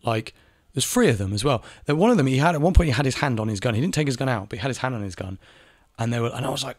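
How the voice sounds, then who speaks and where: A man's voice: mid-range voice, expressive, very fast, hardly any pauses, no echo, studio quality. A man talking in a casual monologue, ranting, repeating phrases and swearing now and then. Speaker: video essayist. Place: home in Spain.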